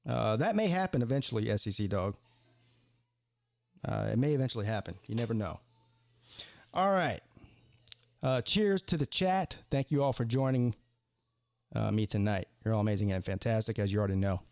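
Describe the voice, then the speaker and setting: A man's voice: on the low side, animated, moderate pace, creaky, long pauses, darkish tone, dry recording. A man hosting a live sports call-in stream, rambling casually with stammered restarts and repeated words.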